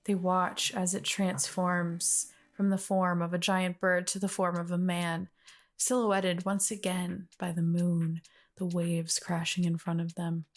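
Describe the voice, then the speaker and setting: A woman's voice: fairly low pitch, flat delivery, measured pace. A woman narrating as game master of a fantasy storytelling game, in a casual, loose way with fillers.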